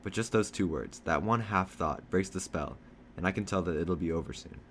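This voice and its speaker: A man reading a novel aloud, telling a first-person story in a steady storytelling manner. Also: deep voice, moderate pace, slight background noise. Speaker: reader.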